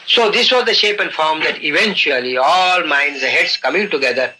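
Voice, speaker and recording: An older man recounting events in an unscripted interview, earnest and halting, often saying "you see". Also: a little high, lively intonation, sharp tone, slight background noise, poor audio. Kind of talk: unscripted storytelling.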